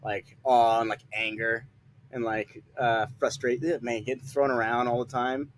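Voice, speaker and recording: A man's voice: mid-range voice, level tone, normal speed. A young man, a solo sailor guest on a podcast, talking in a laid-back way and laughing easily. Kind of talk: casual conversation. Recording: faint background noise.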